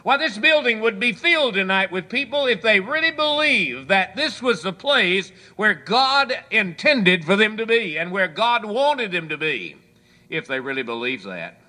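A man preaching a sermon, telling folksy stories and quoting scripture, dropping low for quiet asides. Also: big pitch swings, moderate pace. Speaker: pastor.

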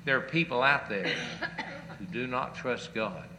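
A man's voice: mid-range voice, lively intonation, a little slow, noisy background. A male pastor preaching a sermon, quoting scripture with chapter and verse and pressing his listeners with rising rhetorical questions.

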